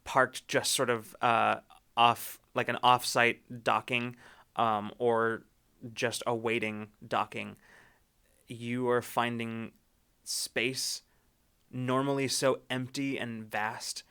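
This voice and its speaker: Male game master, bright and crisp; rambly, restart-heavy narration. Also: medium pitch, little pitch movement, takes it slowly. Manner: rambling, many restarts and fillers.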